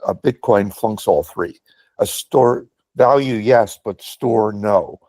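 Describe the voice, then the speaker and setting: Lowish voiced guy in a meeting making a point hard, leans on words, dry sound. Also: takes it slowly, a little mellow, no echo. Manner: emphatic, lecturing, stresses key words. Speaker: meeting participant. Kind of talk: discussion comment.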